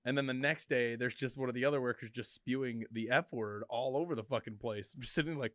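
A man's voice: mid-range voice, a little fast, few pauses, fairly bright tone, dry recording, studio quality. Joking, profane man in casual banter.

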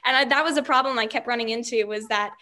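A woman's voice: on the high side, fast, pushed and bright. A teenage girl, a young actress, chatting upbeat and bubbly in an interview, laughing often. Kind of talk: casual interview chat.

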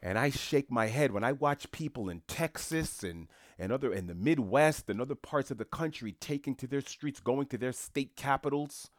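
A man's voice: medium pitch, no echo, studio quality. A man from New York delivering an opinionated solo monologue, talking emphatically and scornfully, repeating his points and often restarting his sentences. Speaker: commentator.

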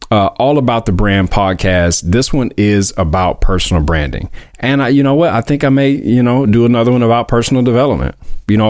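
A man hosts his own podcast in a casual solo monologue, his voice on the low side with a darkish tone and clean studio sound free of room echo. Confident and heartfelt, he gives earnest, emphatic motivational talk, drawing out key words to drive his points home.

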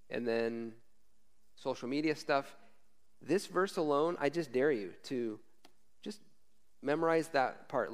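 A man's voice: medium pitch, lively intonation, unhurried, pauses often. A man preaching a casual, conversational sermon as a former missionary, frank and informal, often tagging lines with "right?".

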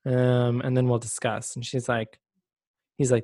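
A man's voice: mid-range voice, little pitch movement, measured pace, warm tone, no echo, studio quality. A man co-hosting a podcast, casually recapping a TV episode and acting out the characters' lines as he goes. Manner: chatty, retells scenes by acting out quotes. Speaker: podcast co-host.

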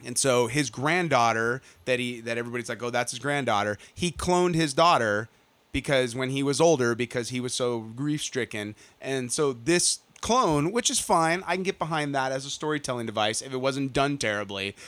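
Bright-voiced man ranting about a movie. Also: medium pitch, moderate pace. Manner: animated, profane, mocking ranting with laughs. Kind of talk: casual chat, retelling a movie.

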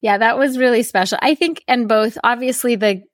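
A woman's voice: a little high, moderate pace, dry recording, clean studio sound. A woman podcast host, recounting a personal experience in a reflective, storytelling way and voicing her own thoughts as quotes.

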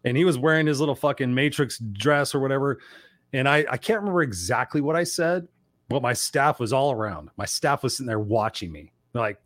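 A middle-aged man co-hosting a casual online talk show, telling stories with lively energy and plenty of swearing. His voice has a mid-range pitch. The sound is close and dry, with little room echo. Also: brisk. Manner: animated, profane, acts out quotes loudly. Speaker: co-host. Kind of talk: casual storytelling chat.

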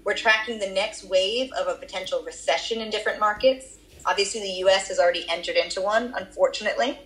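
A woman's voice: mid-range voice, fast talker, fairly bright tone, low-quality recording. Woman with a Boston accent explaining research. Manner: fluent, explanatory, with occasional fillers and restarts. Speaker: research guest. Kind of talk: interview answers.

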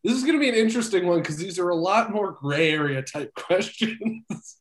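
A man's voice: high-pitched, animated, a little fast. An easygoing man in casual chat with friends, hedging his words and laughing often.

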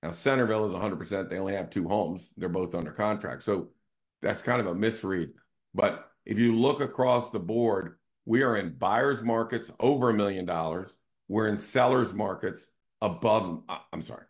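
A man's voice: on the low side, moderate pace. A man hosting a casual real estate talk, walking through charts and checking in with "right?" as he explains. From Northern Virginia area. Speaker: real estate team CEO and show host.

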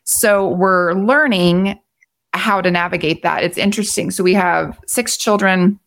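A middle-aged woman talking as a guest in a relaxed, thoughtful conversation. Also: on the low side, measured pace, gravelly. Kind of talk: casual conversation.

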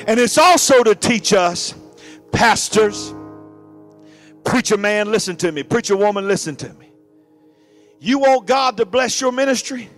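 High-voiced fiery preacher man. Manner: fiery preaching, shouting and dropping low. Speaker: pastor. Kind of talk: sermon.

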